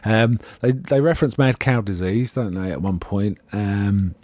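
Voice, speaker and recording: A man's voice: fairly low pitch, a little slow, darkish tone, no room sound. Chatty man, dry close sound. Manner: rambling and amused, often trailing off mid-sentence. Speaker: podcast co-host. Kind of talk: casual chat recapping a TV episode.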